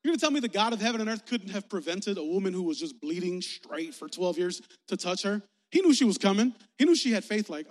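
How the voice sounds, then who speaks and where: A young man with a high, sing-song voice talks fast and barely pauses while delivering a casual, playful sermon as a youth pastor. He chats with his listeners and keeps them engaged. The hall he's in is echoey.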